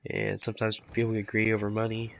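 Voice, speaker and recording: A man with a low, gravelly voice, audibly sick and rough, talks through his gameplay in a loose, rambling way. A faint hiss of noise sits under his headset mic. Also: monotone, fast talker. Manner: rambling, lots of fillers, laid-back. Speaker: gaming commentator. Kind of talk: casual gameplay commentary.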